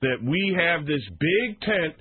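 A man's voice: on the high side, animated, takes it slowly, husky, dry recording. A man co-hosting a morning radio talk show, adding dry, wry quips. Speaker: radio co-host. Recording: narrow phone-like radio sound.

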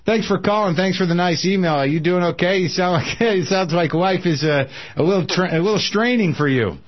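A man's voice: high-pitched, fairly quick. A man hosting a talk radio show, chatting casually and joking with plenty of fillers and restarts. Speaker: radio host. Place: radio studio. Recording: dull lo-fi radio broadcast.

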